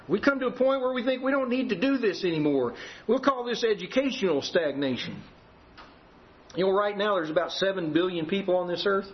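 A man's voice: sits high, a little hiss or hum. A man preaching a sermon to his congregation, telling a story with acted dialogue. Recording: muffled lo-fi recording with faint room ambience.

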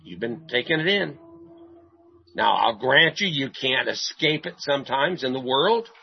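A man delivers a sermon in a husky voice and at an unhurried pace. He asks rhetorical questions and drives his points home by repeating them. The recording sounds dull and lo-fi. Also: mid-range voice. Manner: animated, rhetorical questions, repeats phrases for emphasis. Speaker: preacher.

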